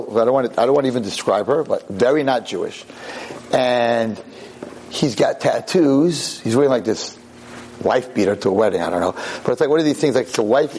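Animated rabbi telling a story. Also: male voice, medium pitch, slight background noise, poor audio. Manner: animated, self-interrupting, wry. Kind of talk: storytelling talk to an audience.

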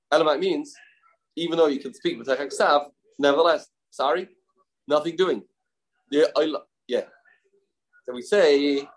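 A man teaching a daily Talmud class, explaining quickly and mixing in Aramaic terms with frequent restarts. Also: a little high, poor audio.

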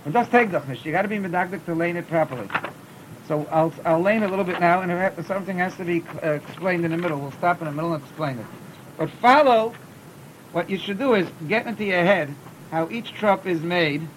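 A man's voice: high voice, a little fast, background noise. A man teaching cantillation in a class, often repeating words as he explains and chanting short examples. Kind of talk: classroom lesson.

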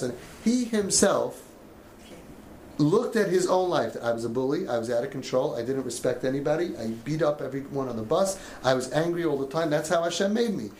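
A man's voice: fairly high pitch, expressive, a little fast, darkish tone, slight background noise. A man coaching a group of parents in an emotional talk, acting out the voices of parents and kids as he goes. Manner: passionate, acts out parents' and kids' voices. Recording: echoey room with faint ambience.

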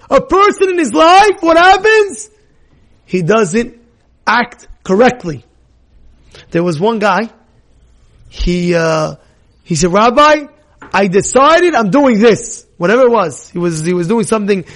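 Middle-aged guy giving a sermon, high voice, gets loud and then goes quiet, lots of hebrew words. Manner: swings from hushed storytelling to shouting, uses Hebrew terms. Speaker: rabbi giving a weekly Torah talk. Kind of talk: animated sermon.

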